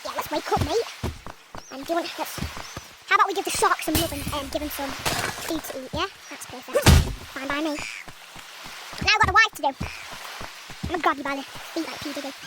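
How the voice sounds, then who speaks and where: A woman's voice: high-pitched, brisk, long pauses, very noisy. A woman giving cheeky, rowdy commentary over her VR gameplay, swearing freely. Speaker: gaming vlogger. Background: loud game music.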